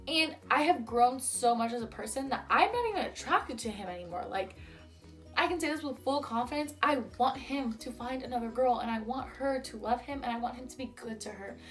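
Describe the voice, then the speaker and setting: A young woman telling a storytime vlog, her voice sitting a little on the high side. She talks in a chatty, heated rush full of "like." Faint music plays behind her. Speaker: vlogger.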